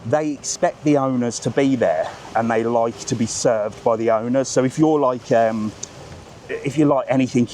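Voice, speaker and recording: A man's voice: medium pitch, a little mellow, a little hiss or hum. A middle-aged man vlogging as he walks outdoors, chatty and ranting, swearing freely. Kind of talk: casual walking vlog. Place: outdoors at a seaside market town.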